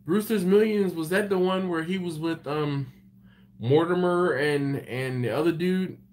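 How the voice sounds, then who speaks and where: A man hosting a live stream, reading viewer comments and chatting casually. He tells stories with animated energy and frequent laughs. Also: on the high side, measured pace. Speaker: BBQ channel host on a livestream.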